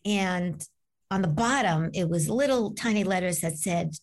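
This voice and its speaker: A woman's voice: on the low side, measured pace. Woman author-guest, chatty storyteller, acts out the voices. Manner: animated, acts out voices in her stories. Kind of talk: conversational storytelling.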